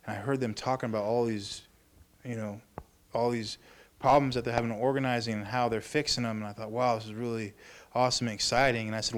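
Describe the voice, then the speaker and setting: A young man moderating a symposium panel, telling a story in a casual, animated way and laughing often. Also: medium pitch, fast talker. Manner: laughing, animated, self-deprecating.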